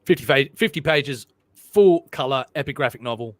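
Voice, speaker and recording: A man's voice: medium pitch, animated, moderate pace, dry recording. Man, livestream co-host, reads chat aloud, joking and swearing, dry sound. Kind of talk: casual livestream chat reading viewer comments.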